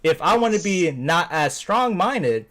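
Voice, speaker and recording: A man's voice: high-pitched, very animated, unhurried, a bit bright. A man in a casual gaming voice chat, explaining his feelings earnestly, rambling with lots of fillers. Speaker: gamer in a voice chat.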